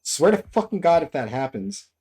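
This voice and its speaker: A young woman streamer giving casual gameplay commentary at her home desk, swearing a lot and turning panicky and excitable. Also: sits low, moderate pace, breathy edge. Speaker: gaming streamer.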